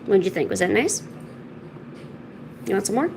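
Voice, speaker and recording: Chatty woman streamer with a gravelly voice. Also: medium pitch, sing-song, normal speed, background noise. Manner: chatty, scolding a cat in a mock-stern voice. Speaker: art streamer. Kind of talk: casual chat while streaming.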